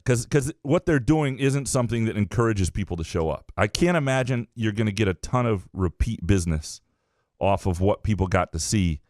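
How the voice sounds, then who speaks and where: A man co-hosting a casual sports podcast, talking things through in a measured, hedging way. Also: on the low side, animated, darkish tone, dry recording, clean studio sound. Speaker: podcast co-host.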